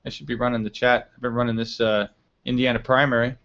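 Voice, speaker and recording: A man hosts a casual live stream, talking loosely with a co-host and reading viewer chat aloud. He laughs easily and chats at an ordinary pitch. The audio is dull and lo-fi. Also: level tone, quick pace, fairly bright tone. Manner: chatty, laughs often, reads chat aloud. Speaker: livestream host.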